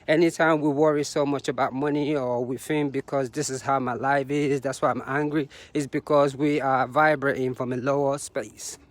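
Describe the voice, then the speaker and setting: A man's voice: medium pitch, steady tone, normal speed, hardly any pauses. A man talking to the camera while jogging outdoors on a road, slightly out of breath and sharing reflective, motivational thoughts with frequent laughs. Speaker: vlogger. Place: outdoors on a road beside traffic.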